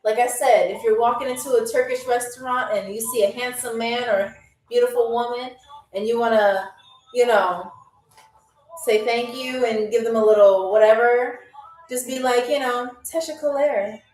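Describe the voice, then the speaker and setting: A woman hosting a live-streamed trivia game. She is chatty and playful, and she repeats foreign words slowly for her viewers. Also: on the high side, steady tone, a little mellow. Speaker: game show host. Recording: echoey room, distant from mic, faint music.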